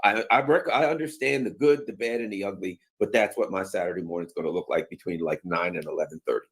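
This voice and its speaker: A man delivering an off-the-cuff political commentary in a somewhat low voice. He talks loosely and colloquially, with plenty of fillers, and keeps breaking into sarcastic mock voices. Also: quick pace, breathy edge. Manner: sarcastic, acts out mocking voices; colloquial, many fillers and asides.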